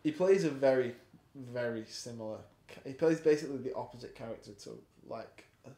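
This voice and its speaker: A man's voice: medium pitch, a little fast, mellow. A young man co-hosting a casual film review chat, rambling and hesitant with many ums. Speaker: podcast co-host. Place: home flat. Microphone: camera in a room. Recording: echoey room.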